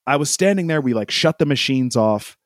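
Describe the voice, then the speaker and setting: A man's voice: medium pitch, animated, brisk, no echo, clean studio sound. A man telling a travel story in a casual chat, rambling with lots of fillers, laughing often and acting out quoted lines.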